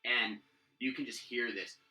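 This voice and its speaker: A man's voice: mid-range voice, steady tone, unhurried, bright, forceful tone, echoey room, low-quality recording. A man narrating a tabletop game as game master, rambling with many fillers and restarts.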